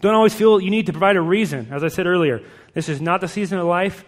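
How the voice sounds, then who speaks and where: A middle-aged male pastor with a fairly high voice preaching plainly and emphatically to parents. He lays out points firmly and slides easily into storytelling. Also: quick pace, big-room sound. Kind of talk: sermon.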